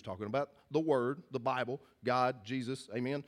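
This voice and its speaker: A man preaches to his congregation at a middling pitch, earnest and folksy in manner. He doubles back, restarts his phrases and repeats them as he leans into each point. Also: quick pace, hardly any pauses. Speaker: pastor. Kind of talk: sermon. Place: church hall with congregation.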